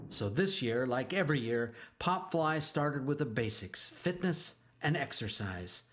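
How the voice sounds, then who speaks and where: A man narrating a children's storybook aloud, expressive and slowing down for emphasis. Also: mid-range voice.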